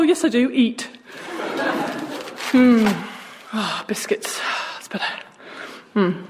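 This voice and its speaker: A woman's voice: fairly high pitch, animated, slow pace, pauses often, darkish tone, slight background noise. A woman in a sitcom, talking in an awkward, giggly, rambling way with studio audience laughter around her. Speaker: sitcom lead. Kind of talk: sitcom acting with asides.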